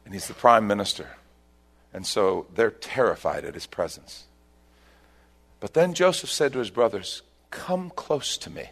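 A male pastor preaching a sermon, retelling a scripture story with emphatic, animated delivery. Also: on the low side, a little slow, gravelly, husky.

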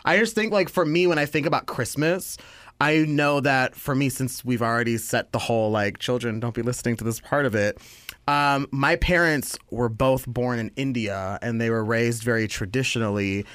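Young man, mid-pitch, rambling storyteller, dry close sound. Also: normal speed, fairly bright tone, no echo. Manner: rambling storyteller, many filler likes, acts out voices. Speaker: podcast co-host. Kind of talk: casual chat.

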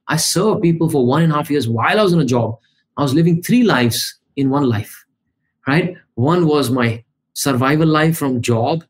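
A man, a podcast guest and coach, talking in energetic, emphatic bursts that list steps one after another. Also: medium pitch. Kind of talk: conversational podcast interview.

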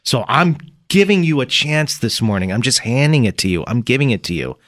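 A man hosting a morning radio show, telling stories and teasing his co-host in animated banter. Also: mid-range voice, fairly quick, no room sound, studio quality.

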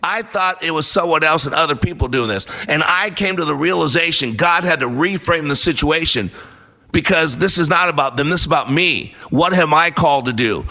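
A man's voice: on the high side, a little fast, pushed and bright. A man in his fifties hosting a faith-based motivational radio talk, speaking with earnest, preacherly emphasis. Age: 50s. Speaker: radio host.

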